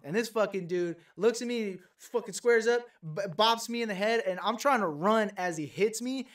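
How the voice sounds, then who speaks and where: A young man on a casual podcast jumps in to tell his side of a story. His voice sits high, and he talks in an animated way, full of swearing. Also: normal speed. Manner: animated, profane, interjects. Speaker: podcast co-host.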